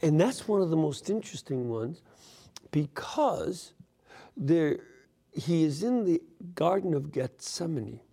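A man, a priest, teaching an unscripted Bible study, deliberate and full of fillers and restarts. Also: a little high, sing-song, vocal fry, mellow.

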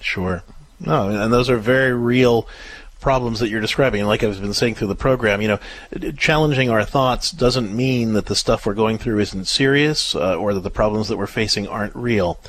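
A man hosting a call-in radio advice show, gentle and reassuring, his voice often dropping softer at the ends of phrases. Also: on the low side, moderate pace. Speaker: radio show host and counselor.

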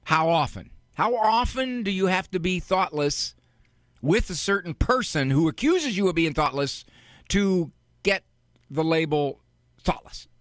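A man hosting a call-in advice radio show, teaching in a deliberate way and firing off rhetorical questions. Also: high-pitched, expressive, no room sound, studio quality.

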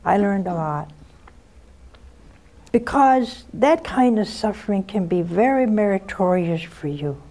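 An older woman, a nun who hosts a call-in show, answers callers with frank spiritual advice and tells stories from her own life in a folksy, direct way. Her mid-range voice is mellow with lively intonation, and she speaks a little slowly.

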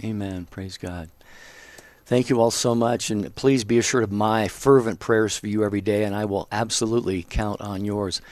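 Middle-aged male co-host, lowish voice, dry close mic, earnest and chatty. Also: fairly even intonation, normal speed, a little mellow, dry recording. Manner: earnest, with many "you know" fillers. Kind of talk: casual radio talk show.

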